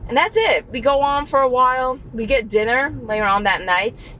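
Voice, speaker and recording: A woman's voice: a little high, normal speed, a bit bright, slight background noise. A young woman co-hosting a casual chat in a car, telling a story animatedly, laughing often and acting out what people said. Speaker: co-host.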